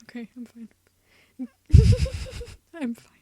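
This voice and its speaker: High-voiced teen girl hosting school radio, keeps cracking up and whispering asides, dry close sound. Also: slow pace, mellow, breathy edge, dry recording. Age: teens. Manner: giggly, breaks off into laughs and whispered asides. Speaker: student radio host. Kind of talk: reading a script in mock Shakespearean English, with bloopers.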